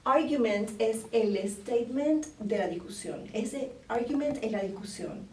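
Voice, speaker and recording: A woman's voice: on the high side, normal speed. A woman teaching an English conversation class who explains phrases patiently, models intonation and laughs often. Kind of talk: conversation class, switching between English and Spanish. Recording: roomy classroom recorded from a distance with faint noise.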